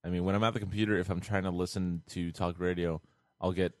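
A man's voice: sits low, little pitch movement, fast talker, no room sound. A young man co-hosting a casual podcast, crude and joking, laughing often. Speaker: podcast co-host.

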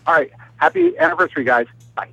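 A man's voice: fairly high pitch, wildly swooping pitch, quick pace, pushed and bright, husky, no echo. A man leaving a rambling, teasing voicemail for a podcast, full of ums and restarts. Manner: rambling, mock-insulting, lots of ums. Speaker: caller. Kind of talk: recorded voicemail call-in. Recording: muffled dry voicemail audio.

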